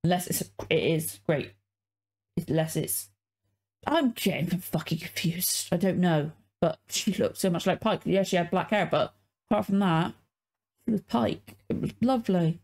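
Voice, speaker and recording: A woman's voice: lowish voice, normal speed, a little mellow. A woman hosting a reaction video, talking casually and effusively with lots of swearing. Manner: effusive, swears a lot, emotional.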